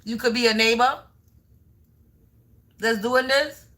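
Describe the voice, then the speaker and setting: A woman's voice: fairly high pitch, fairly even intonation, slow pace, sharp tone. A woman doing a live tarot card reading as a spiritual reader, taunting and scolding a commenter and repeating her phrases.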